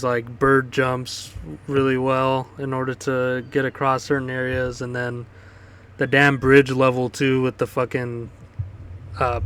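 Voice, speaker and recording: Casual rambling podcast host, flat delivery. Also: male voice, mid-range voice, clear, resonant tone. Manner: loose, rambling, swears casually. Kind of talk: casual chat.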